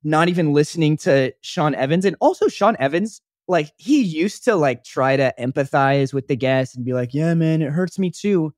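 Animated young man rambling in casual chat. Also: fairly high pitch, normal speed, few pauses, dry recording, studio quality. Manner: rambling, animated storytelling with many fillers. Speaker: podcast co-host.

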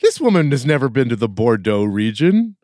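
A man co-hosting a podcast in casual chat, making wry, deadpan jokes. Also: mid-range voice, normal speed, dry recording, clean studio sound. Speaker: podcast co-host.

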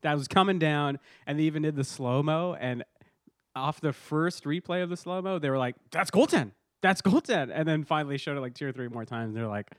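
A man co-hosting a casual sports podcast, excitable and laughing a lot as he recaps games. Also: a little high, fairly quick, dry recording, studio quality. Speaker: podcast co-host.

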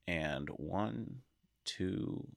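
A man hosting his own podcast, talking casually and excitedly to his listeners and often laughing. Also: deep voice, extremely slow, gravelly, dry recording, studio quality. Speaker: podcast host. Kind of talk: casual solo podcast monologue.

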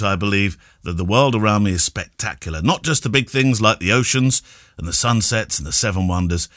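A man's voice: lowish voice, fairly bright tone, dry recording, clean studio sound. A man hosting a podcast, chatty and rambling, with lots of laughs and restarts. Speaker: podcast host. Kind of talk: casual chat.

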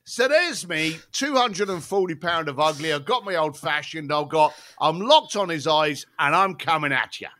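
A man's voice: a little high, normal speed, hardly any pauses. A man, a guest on an interview show, telling a salty anecdote with lots of asides. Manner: lively, salty anecdotes with frequent laughs and asides. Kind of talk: animated storytelling in a podcast interview.

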